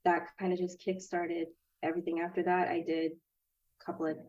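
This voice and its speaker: Animated woman telling her story. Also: fairly low pitch, brisk, highs cut off. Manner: animated, acts out quoted voices, laughs often. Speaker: podcast guest. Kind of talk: casual storytelling interview.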